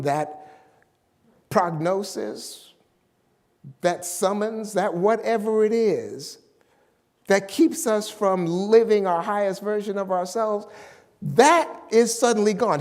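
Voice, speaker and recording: A man preaching a sermon as pastor, slowly and emphatically, stretching out key words. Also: sits high, animated, a little mellow, long reverb tail.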